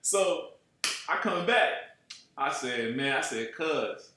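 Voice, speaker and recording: A man from Chicago tells a rambling road-trip story in a relaxed, animated street style, dropping curses and slang and checking in with his listener again and again. His voice sits a touch above the usual for a man. The recording is drenched in the echo of a bare, reflective room. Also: fairly high pitch, takes it slowly, background noise. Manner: animated, profane, streetwise slang, keeps asking "you know what I'm saying". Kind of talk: casual storytelling. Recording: very echoey room.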